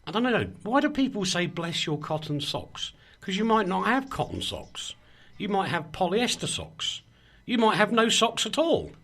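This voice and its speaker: A man's voice: high-pitched, animated, moderate pace, bright, forceful tone. A man hosting a radio show in a small studio, chatting casually and rambling in a self-mocking way. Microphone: studio microphone.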